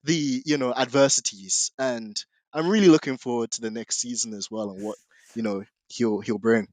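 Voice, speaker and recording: A man's voice: mid-range voice, moderate pace, no room sound. A man, a podcast guest in casual chat, talking in an enthusiastic, hyperbolic way.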